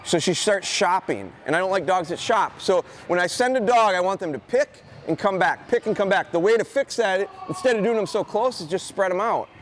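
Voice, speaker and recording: A man's voice: high voice, animated, a little fast, few pauses. A man who trains gun dogs, talking students through a live demonstration in a school gym and breaking off for short commands to the dog. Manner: conversational, explaining while giving short dog commands.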